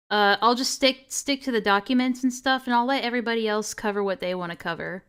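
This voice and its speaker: A woman's voice: a little high, fast, few pauses, a bit bright, smooth. A woman streamer giving casual reaction commentary, laughing often and swearing freely.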